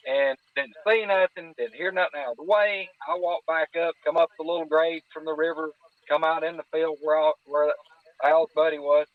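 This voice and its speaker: A man's voice: on the high side, steady tone, normal speed, dry recording. Man telling a story over a tinny phone line. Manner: folksy, recounts dialogue with repeated "I said". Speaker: podcast guest telling hunting stories. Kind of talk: casual storytelling.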